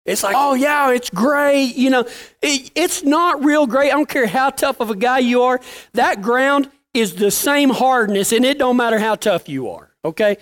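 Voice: mid-range voice, animated, moderate pace, a bit bright. A working cowboy telling stories casually, in a folksy, plain-spoken way with rural slang. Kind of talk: casual storytelling.

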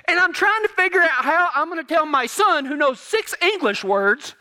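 A folksy middle-aged preacher with a drawl and a high, bright, forceful voice. He spins a story for his congregation and jokes along the way as he preaches. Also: expressive, moderate pace. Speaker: pastor. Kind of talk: sermon.

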